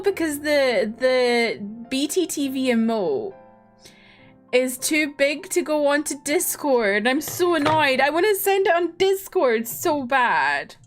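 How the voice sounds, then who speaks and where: A woman's voice: sits high, very animated, takes it slowly, soft background music. A tired young woman streamer chatting casually and rambling, often breaking into laughs.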